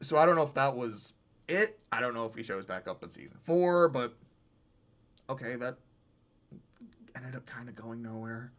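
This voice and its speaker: Bright-voiced man casually recapping TV. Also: mid-range voice, animated, normal speed, pauses often, slight background noise. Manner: loose and profane, heavy use of "like". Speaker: TV show reviewer.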